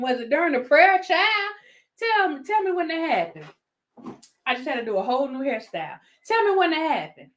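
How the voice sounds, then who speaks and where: A woman with a Southern American accent, hosting a casual commentary vlog, sassy and laughing often as she talks to her viewers. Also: high voice. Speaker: YouTube commentary host.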